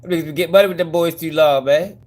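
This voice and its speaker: A man's voice: a little high, quick pace, darkish tone. Mocking, profane man reacting to clips. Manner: profane, mocking, laughs often. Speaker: commentary channel host. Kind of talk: casual reaction commentary.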